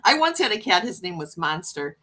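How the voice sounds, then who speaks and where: Lively, chatty woman livestream host. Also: lowish voice, a little fast. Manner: chatty, laughs often, animated cat voices. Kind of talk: casual chat reading viewer comments.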